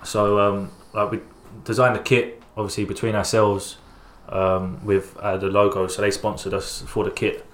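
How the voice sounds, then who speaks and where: A man's voice: lowish voice, little pitch movement, normal speed, hardly any pauses. A man from a football club chatting easily in a podcast interview. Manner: easygoing, chatty. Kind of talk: casual interview chat.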